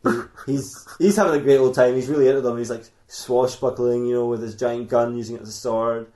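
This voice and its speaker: A man's voice: mid-range voice, steady tone, brisk, a little mellow, echoey room. Giggly man telling a rambling story. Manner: rambling, giggly, frequent laughs and restarts. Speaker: podcast host telling an improvised story. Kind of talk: comedic improvised storytelling podcast.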